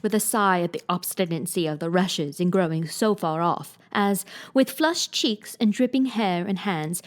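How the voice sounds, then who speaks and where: A woman reading a classic storybook aloud, narrating in an expressive, gently dramatic way. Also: medium pitch. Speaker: reader.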